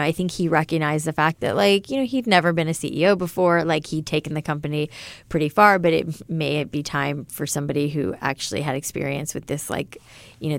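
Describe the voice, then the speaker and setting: A woman's voice: sits low, vocal fry, fairly bright tone, no room sound. A middle-aged woman, a business founder, chatting loosely in an interview with lots of fillers. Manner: chatty, many fillers like "you know" and "like". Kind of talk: casual interview talk.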